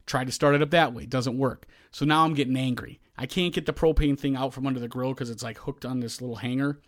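Regular guy on a podcast going on about his grill, gets loud acting out the yelling parts. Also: mid-range voice, fast talker, no echo, studio quality. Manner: animated, yells when reenacting. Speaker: podcast host. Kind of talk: casual storytelling.

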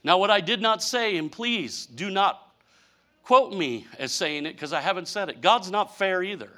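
A man in his fifties, a pastor preaching a humorous sermon with animated, mock-whining storytelling and folksy speech. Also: sits high, normal speed. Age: 50s.

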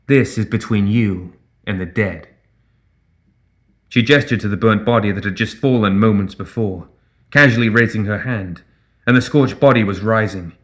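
Reading a fantasy tale as an audiobook narrator, a man with a lowish voice delivers scripted narration at a steady, even pace.

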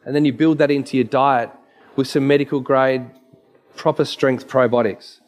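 A man's voice: medium pitch, fairly even intonation, normal speed. A man, a naturopath giving an emphatic, story-filled presentation with slides.

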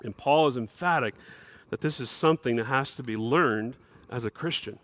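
A middle-aged man preaching a sermon as pastor, emphatic, with bursts where his voice climbs higher. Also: normal speed, fairly bright tone.

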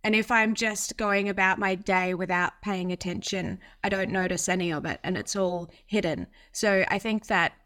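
A woman hosting a podcast, sharing reflective thoughts in a calm, earnest way. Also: medium pitch, normal speed, hardly any pauses. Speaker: podcast host. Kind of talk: conversational interview.

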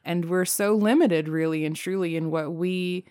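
A woman co-hosting a podcast, chatting casually in an unhurried way, with fillers and soft laughs. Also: on the low side, dry recording, studio quality. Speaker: podcast co-host. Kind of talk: casual chat.

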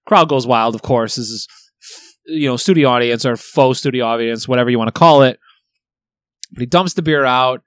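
A man's voice: medium pitch, a bit bright, no echo, clean studio sound. A man in casual podcast chat, retelling a favorite sitcom episode in a rambling way, swearing freely and using lots of fillers. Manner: rambling, profane storytelling with many fillers.

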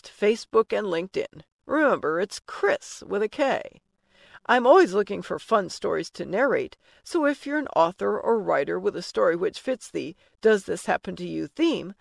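A woman's voice: mid-range voice, gravelly, no room sound. A woman hosting a storytelling podcast, narrating a comic story in a wry, dry manner.

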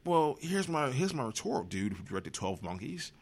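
A man's voice: mid-range voice, very animated, normal speed. A man hosting a podcast, giving profane, sarcastic commentary on movie news. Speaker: podcast host.

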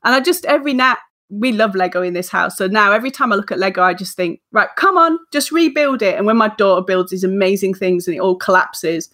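A woman's voice: mid-range voice, quick pace, fairly bright tone. A woman in her forties, a guest author on a podcast, telling a story with energy, acting out her own self-talk and laughing at herself. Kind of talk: casual podcast interview.

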